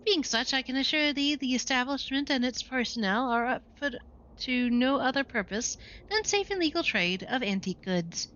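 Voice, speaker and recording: A prim, long-winded shopkeeper lady who talks in stiff, archaic formality, as a woman puts her on. Her voice sits a little raised and bright. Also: high voice, lively intonation, normal speed, highs cut off, pitched above the performer's own voice. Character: prim, long-winded female antique store proprietress.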